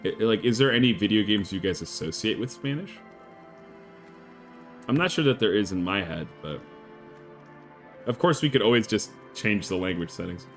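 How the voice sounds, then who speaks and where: Rambling, animated male streamer. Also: fairly low pitch, normal speed, long pauses. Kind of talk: casual chat while playing a game. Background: faint game music.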